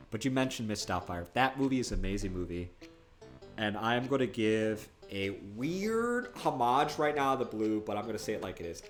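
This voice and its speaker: A young man streaming a retro platformer live, talking in a lively voice that swings widely up and down. He chats through the game, yells when he fails, and rambles gratefully to his viewers. Game music plays clearly behind him. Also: on the low side. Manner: excitable, loud outbursts and chatty thanks to viewers. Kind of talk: live gameplay commentary.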